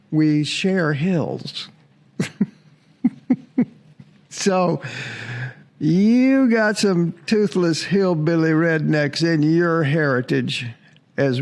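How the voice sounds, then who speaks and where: A man's voice: fairly high pitch, darkish tone. Chatty man hosting a sports show. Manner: chatty, laughs often, mocks commenters. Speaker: sports podcast host. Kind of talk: casual monologue to viewers.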